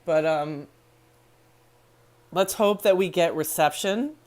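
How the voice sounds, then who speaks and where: A woman's voice: fairly low pitch, slow, a little mellow. A woman hosting a fan live stream, chatting casually and getting emotional as she talks. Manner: chatty, emotional, laughs easily. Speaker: fan channel host.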